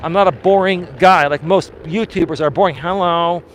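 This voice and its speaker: A man's voice: sits high, brisk, a little hiss or hum. Passionate man streaming on a walk outdoors. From Greek heritage. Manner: passionate, emphatic, argumentative. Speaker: life coach live streamer. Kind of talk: walking live stream, reading chat aloud. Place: outdoors on an urban street, walking.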